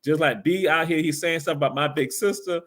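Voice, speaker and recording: Animated man, high voice. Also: fairly quick. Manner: animated, preachy, repeats himself. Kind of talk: casual live-stream talk.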